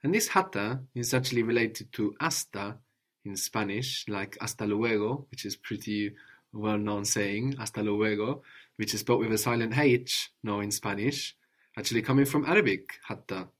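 A man's voice: lowish voice, normal speed, a bit bright. A man teaching a one-on-one language lesson, patiently drilling with prompts and tag questions.

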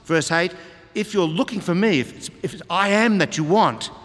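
A man's voice: high-pitched, normal speed. A man preaching a sermon, reading scripture aloud and explaining it with emphatic repetition. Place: church hall. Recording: long hall reverb.

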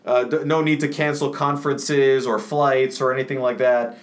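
A man voicing a smug, falsely calm male official who brushes off danger with dismissive, sing-song reassurance. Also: mid-range voice, normal speed, pitched below the performer's own voice, natural voice.

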